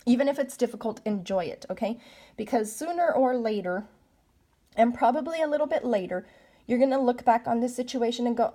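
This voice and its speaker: A woman's voice: fairly high pitch, expressive, fairly quick, dark tone. A woman giving a casual card reading, talking straight to the listener in a chatty, coaching way full of rhetorical questions. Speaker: tarot card reader.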